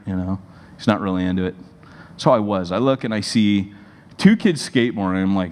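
A pastor telling stories in a sermon, animated and rambling with many fillers. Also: male voice, deep voice, brisk, big-room sound. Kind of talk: sermon storytelling. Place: church hall.

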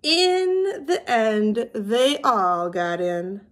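High, lively woman reading to small kids. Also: extremely slow. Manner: expressive storybook reading. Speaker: children's music teacher. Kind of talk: reading a picture book to young children.

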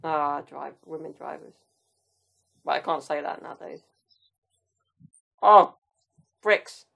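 This British man does reaction commentary for videos, blunt, casual and exclamatory, with cheeky banter. He speaks slowly in a higher, creaky voice that sounds pushed and bright.

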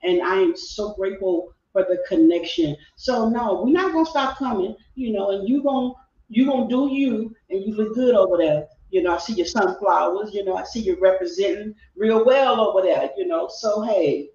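A woman's voice: medium pitch, moderate pace, a little mellow, a little hiss or hum. A middle-aged woman from Texas, a life coach guest telling a heartfelt personal story and repeating phrases for emphasis. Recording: roomy, distant, dull video-call audio.

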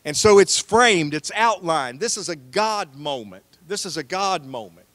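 A man's voice: high voice, lively intonation, unhurried, a bit bright, no room sound. A man preaching a sermon as pastor, telling stories in a folksy way and acting out the voices he quotes.

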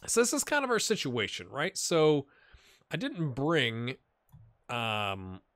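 A man giving casual, animated commentary while playing a football management game, cheering on and talking to his players. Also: medium pitch, takes it slowly, no echo, studio quality. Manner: animated, talks to his players, puts on silly voices.

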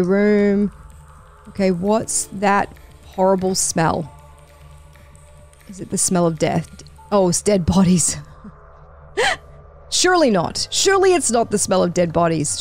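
A woman's voice: mid-range voice, darkish tone. A woman playing a horror game and talking to herself, jumpy, with nervous laughs. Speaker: gamer.

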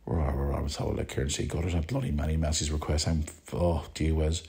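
A man's voice: a bass voice, little pitch movement, fast, warm tone. A Northern Irish man hosting a podcast, chatting casually in a rambling, teasing way. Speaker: podcast host.

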